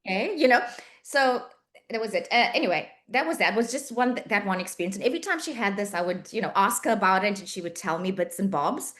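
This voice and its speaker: A middle-aged woman with a South African accent shares her story in an interview, in a mid-range voice. She talks in a lively, anecdotal way, acting out the quoted lines of dialogue. She stumbles and restarts her sentences as she goes. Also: mid-range voice, quick pace. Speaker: physiotherapist and medico-legal report writer.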